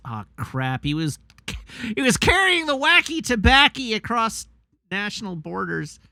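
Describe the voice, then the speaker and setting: A young male streamer fills the gaps in his game with quick, self-mocking jokes. His voice sits high and sounds bright and ringing. His pitch jumps around a lot as he riffs. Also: big pitch swings, gravelly, dry recording. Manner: joking, self-mocking asides. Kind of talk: live game stream commentary.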